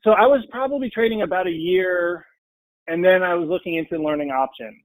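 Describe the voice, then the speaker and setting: A man's voice: sits high, a little fast, no room sound, poor audio. A man in a casual interview, talking bluntly and with passion about his own trading. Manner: blunt, passionate, mimics people in quotes. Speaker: podcast guest, full-time trader.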